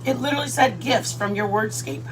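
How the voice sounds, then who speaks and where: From her home kitchen, a woman runs a laid-back cooking livestream, chatting playfully and calling out viewers by name in loud, excited bursts. Her voice sits on the high side and moves briskly, with noise in the background.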